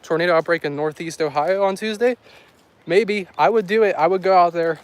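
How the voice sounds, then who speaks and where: A man's voice: high-pitched, a little fast. Chatty man livestreaming on a walk. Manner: rambling, joking, chatty asides to chat. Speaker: weather livestream host. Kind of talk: casual live-stream chat while walking. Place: outdoors by a road in the countryside. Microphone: handheld phone.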